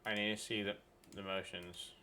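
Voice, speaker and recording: A gaming channel host casually commentates a card game he's playing, thinking aloud and reading the game text as he goes. His voice is on the low side with little pitch movement, normal speed and a sharp tone, and there's a little hiss or hum.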